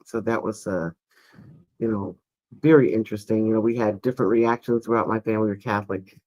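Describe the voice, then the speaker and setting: A man's voice: lowish voice, fairly even intonation, brisk, a little mellow, no echo. A man hosting a casual panel chat, rambling easily with many fillers. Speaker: podcast host.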